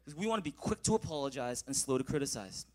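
A man in his thirties preaching a sermon as pastor, leading the congregation in call-and-response and rising loud when reading scripture. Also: medium pitch, expressive, quick pace.

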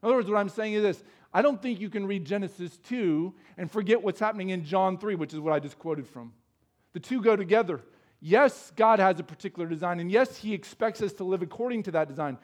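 A man's voice: high-pitched, a little fast. A man preaching a sermon, earnest and explanatory, asking his listeners rhetorical questions. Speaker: pastor.

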